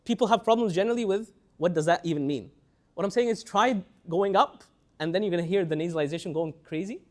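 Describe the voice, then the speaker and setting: A young man with a high-pitched voice teaches a tajweed class in a lively lecturing style. He often repeats words and breaks off to chant slow example phrases.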